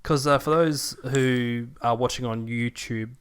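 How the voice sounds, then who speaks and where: A man co-hosting a podcast, chatting casually, quick to agree and laugh. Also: medium pitch, steady tone, clean tone. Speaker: podcast co-host. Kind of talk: casual chat.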